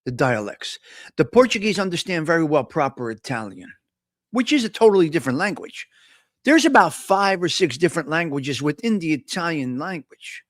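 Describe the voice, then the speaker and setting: A middle-aged man, hosting a casual live coffee talk show and chatting in an animated, storytelling way. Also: fairly high pitch, normal speed, no echo, clean studio sound. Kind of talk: casual live-stream chat.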